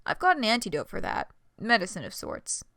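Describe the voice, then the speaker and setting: A woman voicing a breezy young man with a casual, brisk way of talking, read aloud from a story. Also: medium pitch, big pitch swings, creaky, bright, forceful tone, dry recording, studio quality, heavily acted.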